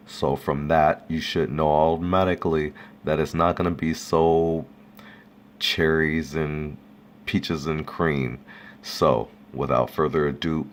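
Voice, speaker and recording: A man casually reading folk tales aloud, relaxed and chuckling at his own jokes. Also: extremely low pitch, a little hiss or hum. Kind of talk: casual read-aloud storytelling.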